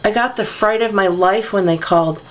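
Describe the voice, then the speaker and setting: A woman voicing a fretful mother in a storybook reading, talking quickly with worry. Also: mid-range voice, highs cut off, voice pushed up, close to an everyday voice. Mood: fretting. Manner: rapid worried talk. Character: fretful mother fussing over her injured daughter.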